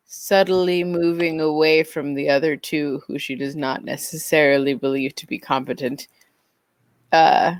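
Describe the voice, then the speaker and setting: Woman, tabletop player, low voice, dry close sound, thoughtful. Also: no echo. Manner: thoughtful, describes her character's actions. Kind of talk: tabletop role-play chat.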